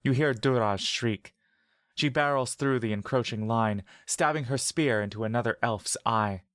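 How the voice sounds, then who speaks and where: A man narrates a scripted second-person story with steady, vivid delivery. His voice sits in an ordinary middle range. The recording is close and dry, with no room sound. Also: mid-range voice, moderate pace, no room sound.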